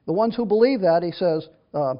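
Guy with a pretty high voice explaining bible verses, laid-back and chatty, kinda muffled recording. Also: lively intonation, normal speed. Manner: reads scripture then explains it in a casual, chatty way with restarts. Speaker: Bible teacher. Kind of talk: conversational Bible teaching. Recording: dull lo-fi recording.

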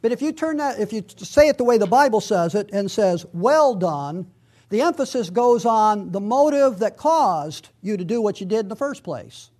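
A man preaching a conversational, verse-by-verse Bible teaching, reading scripture slowly and with emphasis. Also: sits high, expressive, a little mellow. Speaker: pastor.

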